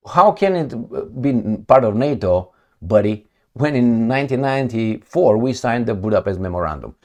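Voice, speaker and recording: A man's voice: lowish voice, darkish tone. A man giving casual political commentary, mocking and chatty, talking to his viewers like friends. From Romania.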